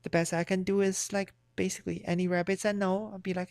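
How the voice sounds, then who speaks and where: A woman's voice: mid-range voice, little pitch movement, quick pace, a little mellow, no room sound, clean studio sound. A woman livestreamer in casual chat, giving blunt, profane, rambling opinions.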